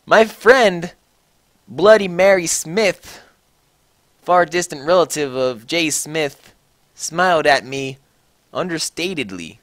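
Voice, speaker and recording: A man's voice: on the high side, slow, pauses often, no echo. A young man giving a mocking dramatic reading of a story, full of sarcastic asides. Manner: sarcastic asides, shifting between flat and loud. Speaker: comedic reader.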